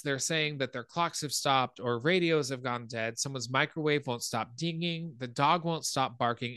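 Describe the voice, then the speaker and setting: Guy on a podcast retelling a horror movie, bright voice, gets excited at the scary bits. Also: no echo, studio quality. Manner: animated storytelling, rises in pitch when excited. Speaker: podcast host. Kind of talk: casual recap of a film.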